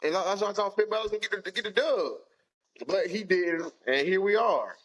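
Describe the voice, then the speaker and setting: A man co-hosting a wrestling podcast, talking in slangy, animated casual chat and acting out his own reactions. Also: sits high, fairly quick, rough recording. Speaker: podcast co-host.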